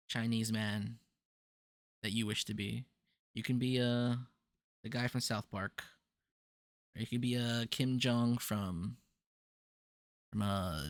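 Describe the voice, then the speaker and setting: A man's voice: medium pitch, no room sound. A man running a casual tabletop session zero as game master, joking with his players and reading out setting lore. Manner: relaxed, joking, reads lore aloud.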